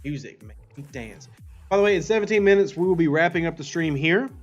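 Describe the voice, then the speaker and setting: A man's voice: sits high, fast, lo-fi sound, faint music behind. A man hosting a casual gaming livestream, reading viewer chat aloud and answering playfully. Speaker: livestream host.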